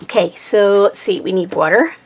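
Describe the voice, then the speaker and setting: While painting for her art vlog, a woman from Texas with a Norfolk, Virginia accent rambles chattily and makes self-deprecating remarks, sounding tired. She speaks in a mid-range voice at a moderate pace, and a little hiss or hum sits under the audio.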